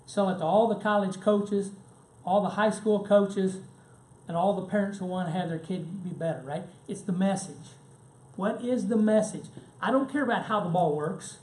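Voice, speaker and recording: A man's voice: sits high, moderate pace, darkish tone. Storytelling man in an echoey room. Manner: anecdotal, checks in with frequent "right?" and "okay?". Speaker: seminar presenter. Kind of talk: conversational business seminar talk. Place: seminar room. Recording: echoey room with faint background noise.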